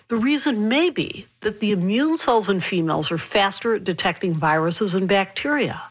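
Lively woman doctor explaining health. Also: mid-range voice, highs cut off. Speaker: physician health contributor. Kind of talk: explanatory radio interview.

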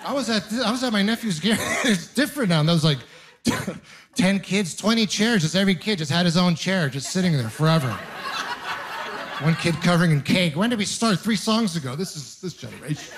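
A man's voice: high-pitched, expressive, brisk, noisy background. A young adult man doing a stand-up comedy set on stage, rambling and self-deprecating, with punchy storytelling. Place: comedy club stage with laughing audience.

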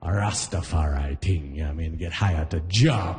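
A man doing a stand-up comedy set on a theatre stage into a handheld mic, animated and jumping into silly voices for his bits. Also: low-pitched, fast.

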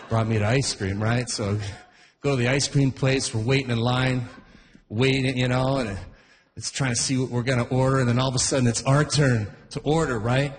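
A man telling a childhood story as stand-up comedy, chatty and punctuated by "right?" and "you know what I mean?", in a noisy live recording. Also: mid-range voice. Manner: chatty, keeps asking "right?".

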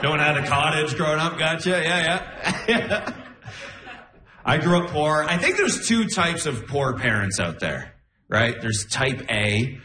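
A man's voice: medium pitch, sharp tone, roomy sound. A young man doing a stand-up comedy set on a club stage, playful and incredulous.

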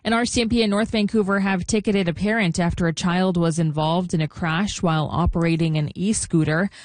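Newsreader, woman, low-ish, steady, dry close mic. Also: dry recording. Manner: steady, measured news delivery. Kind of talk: radio news headlines.

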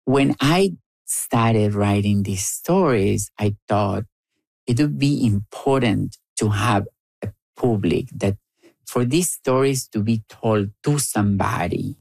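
A woman from Argentina with an Argentine Spanish accent, telling personal stories in an interview in a slow, playful way. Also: a bass voice, expressive, creaky, a little mellow, no room sound. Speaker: storyteller and writer.

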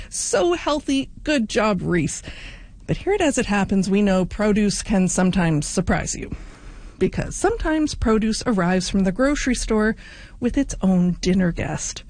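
A woman's voice: mid-range voice, darkish tone, no room sound. Woman radio host, wry and playful, reading a light news item, dry studio sound. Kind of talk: scripted radio news intro.

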